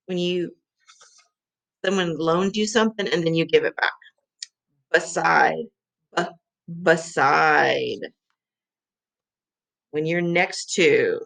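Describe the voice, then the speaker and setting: A woman's voice: on the low side, creaky, fairly bright tone. A middle-aged woman teaching vocabulary to young children, sounding out letters and syllables.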